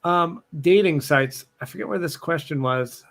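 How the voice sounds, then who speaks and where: A man's voice: on the high side, normal speed, vocal fry, fairly bright tone. A man hosting a live question session, upbeat as he reads out viewer questions. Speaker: host. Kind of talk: live Q&A chat.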